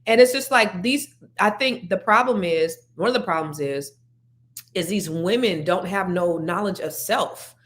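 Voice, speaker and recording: Frank, animated woman hosting a talk show. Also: lowish voice, unhurried. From California. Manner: frank, animated, with many restarts. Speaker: podcast host. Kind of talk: casual panel discussion.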